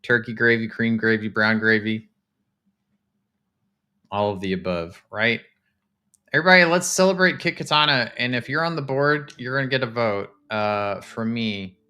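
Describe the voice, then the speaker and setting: A man, casually chatting to his live-stream viewers while touring game houses, excitable and talkative. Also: medium pitch, normal speed, clear, resonant tone. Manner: chatty, excitable, talks to chat.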